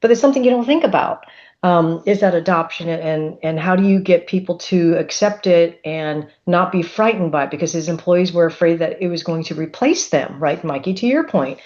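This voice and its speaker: A woman presenting on a webinar panel, chatty and expressive, telling stories. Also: lowish voice, fairly quick, highs cut off.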